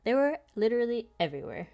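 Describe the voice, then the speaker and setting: Sketching as she talks, this comic artist and channel host tells a meandering travel story with frequent laughs. Her voice is fairly high, sing-song and quick, with a dark tone and the highs cut off.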